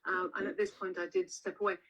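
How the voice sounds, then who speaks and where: A woman's voice: fairly low pitch, flat delivery, fast, fairly bright tone, rough recording. A woman author being interviewed over a video call, telling stories in a chatty way with many restarts and fillers. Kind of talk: casual interview chat.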